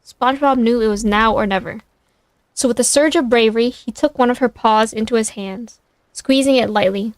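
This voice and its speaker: A woman's voice: a little high, no echo. Woman streamer reading a story aloud. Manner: reads aloud with quick self-corrections. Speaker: streamer reading fan fiction.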